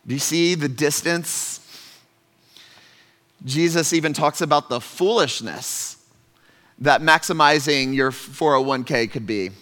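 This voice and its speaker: Bright-voiced pastor in a reverberant hall. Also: male voice, fairly high pitch. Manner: conversational, earnest, shifts between loud emphasis and soft asides. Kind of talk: sermon.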